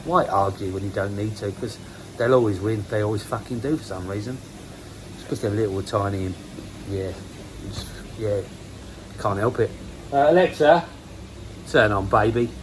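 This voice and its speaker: A man's voice: lowish voice, fairly even intonation, moderate pace, pauses often, noisy background. A man, chatting casually and rambling on a vlog, self-mocking and swearing casually. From England. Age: 50s. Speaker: koi pond vlogger. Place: outdoors by a garden pond.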